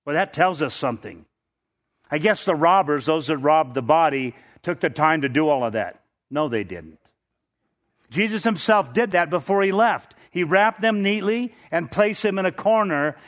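A man preaching a sermon, retelling a scripture story with animated, emphatic storytelling. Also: high voice.

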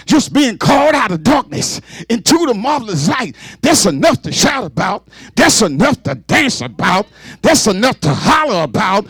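Casting: gravelly-voiced male preacher, high and lively pitch, fervent call-and-response sermon. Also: moderate pace, dry recording.

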